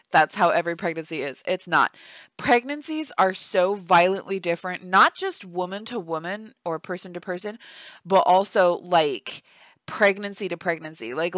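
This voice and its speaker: A tired young woman records a voice-only vlog at home, chatting casually, giggling, and poking fun at herself between yawns. Her voice is on the low side and a bit bright, with no echo.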